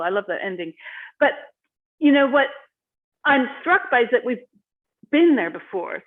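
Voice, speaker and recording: A woman interviewing a guest in a conversational, enthusiastic way. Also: fairly high pitch. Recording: tinny phone-like line.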